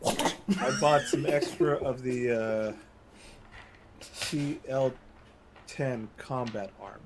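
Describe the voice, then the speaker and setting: A man's voice: mid-range voice, slow, background noise. A man playing a tabletop game, chatting casually and joking. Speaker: player. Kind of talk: casual tabletop play chat.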